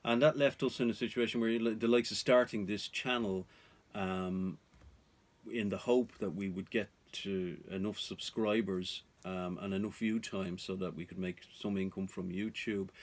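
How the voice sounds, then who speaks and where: A man's voice: on the low side, steady tone, moderate pace. A man vlogging about off-grid life, talking to viewers in an earnest, cautionary way. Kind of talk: casual advice to viewers.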